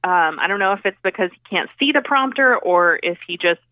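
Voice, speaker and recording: A woman's voice: lowish voice, expressive, a little fast, dry recording. A woman from Oklahoma, a journalist guest, chatting casually about politics with plenty of fillers over a phone line. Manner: chatty, agreeable, many fillers.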